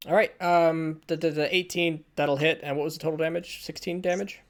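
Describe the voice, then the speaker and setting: A man's voice: a little high, flat delivery. A man running a tabletop game as game master over voice chat, narrating the action and making rulings with stops and restarts. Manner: halting, restarts while counting and ruling.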